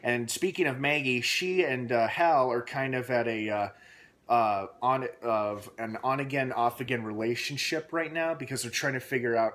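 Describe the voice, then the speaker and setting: A man's voice: mid-range voice, normal speed. Chatty man rambling through a recap. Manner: rambling, animated, with frequent fillers and laughs. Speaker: show recap reviewer. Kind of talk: casual spoken episode recap. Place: home.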